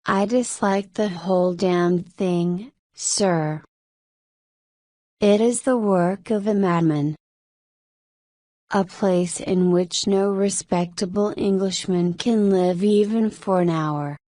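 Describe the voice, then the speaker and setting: A woman reading the lines of an enraged, pompous middle-aged male client in an indignant, shouting tone. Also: medium pitch, slow, no echo, close to an everyday voice. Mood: outraged.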